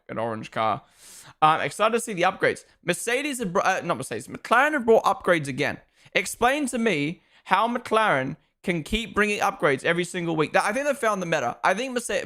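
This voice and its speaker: A young man hosting a live race watchalong, chatting casually, reading chat and swearing bluntly. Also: fairly high pitch. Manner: blunt and animated, swears freely.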